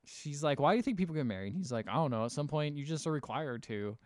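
A man's voice: fairly high pitch, animated, quick pace, no echo. Chatty man recapping a movie, dry close sound. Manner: rambling retelling with quoted voices, swearing. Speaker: podcast co-host. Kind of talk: casual movie recap chat.

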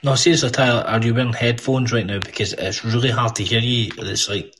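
A man's voice: medium pitch, fairly even intonation, a little fast, a bit bright, slight background noise, low-quality recording. A Scottish man hosting a casual podcast call, blunt and teasing, swearing freely.

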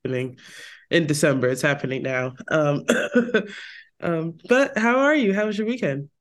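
A woman's voice: low-pitched, normal speed. A woman co-hosting a casual podcast, talking through a stuffy, nasal cold and often laughing and repeating herself. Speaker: podcast co-host. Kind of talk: casual chat.

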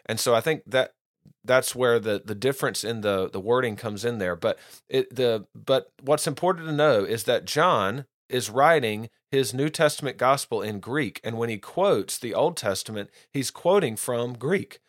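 Man, Bible teacher, earnest, restarts phrases, mid-pitched voice, dry close sound. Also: animated, moderate pace, no echo.

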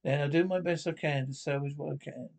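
A man's voice: a little high, fast, vocal fry, darkish tone. An actor playing a stiffly proper ship's officer in a 1960s film comedy, hesitant and correcting himself as he talks. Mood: worried.

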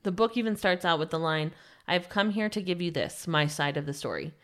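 A woman co-hosting a casual book podcast, chatty and quick to laugh, with a slight lisp. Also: fairly low pitch, lively intonation, a bit bright. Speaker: podcast co-host.

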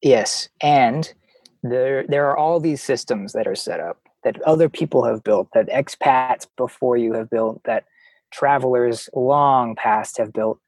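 Male podcast guest, mid pitch, dry close sound, energetic storyteller. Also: unhurried, no echo, rough recording. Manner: enthusiastic, animated storyteller. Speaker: podcast guest, travel company marketer. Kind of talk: casual storytelling chat.

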